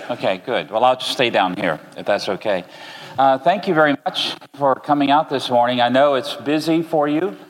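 A man from Florida with an American accent, preaching a sermon as a guest speaker in a relaxed, joking, deliberate way. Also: medium pitch. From Orlando, Florida. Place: church. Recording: reverberant church hall.

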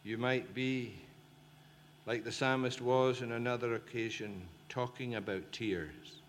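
With a steady tone and measured pace, a man whose voice sits mid-range delivers a fervent sermon full of emphatic rhetorical questions aimed at his listeners. Faint ambient noise and hall reverberation color the recording.

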